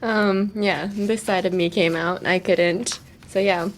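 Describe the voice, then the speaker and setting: A woman's voice: mid-range voice, steady tone, takes it slowly. A young woman hosting a casual English pronunciation lesson, chatty and laughing often, full of fillers. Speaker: English teacher and podcast host.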